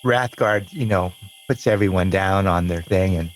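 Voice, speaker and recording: Brief: male game master, relaxed, drawn-out scene-setting, chuckles between lines. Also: sits low, a little hiss or hum, rough recording. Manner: slow descriptive narration with laughs. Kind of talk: narrating a tabletop game.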